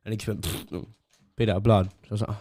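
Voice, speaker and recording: Speaking fast in a mellow, fairly low voice, this man co-hosts a relaxed podcast. He tells a lengthy, meandering joke, laughing often and drifting into asides that trail off.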